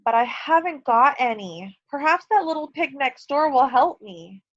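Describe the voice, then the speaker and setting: A woman voicing a hungry male wolf from a storybook, drawing his words out slowly. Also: high-pitched, expressive, dry recording. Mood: weary. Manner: slow, drawn-out reading. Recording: dull lo-fi recording.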